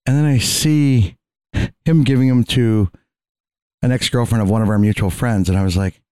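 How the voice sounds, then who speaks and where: A man in casual podcast chat, telling animated stories full of swearing and quoted dialogue. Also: mid-range voice, moderate pace, clean tone, no echo. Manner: profane, animated, quotes others in his stories.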